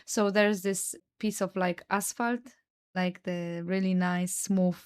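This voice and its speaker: A woman's voice: on the low side, little pitch movement, takes it slowly, clean tone. A young woman with a Polish accent, hosting a podcast and telling stories in a chatty way, peppered with "like" and "no?" and swearing. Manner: chatty, lots of "like" and "no?" tags, swears freely. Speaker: podcast host. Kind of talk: casual storytelling monologue.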